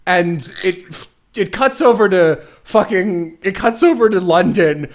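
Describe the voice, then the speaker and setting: A man's voice: high-pitched, lively intonation, unhurried. A man hosting a stream, casually recapping a plot in a sarcastic, rambling way with some swearing. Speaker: stream host. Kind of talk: casual chat.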